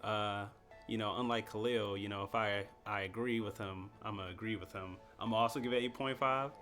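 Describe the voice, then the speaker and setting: A man's voice: lowish voice, fairly even intonation, a little fast, a bit bright, faint music behind. Laid-back man in a casual chat. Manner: laid-back, laughs often.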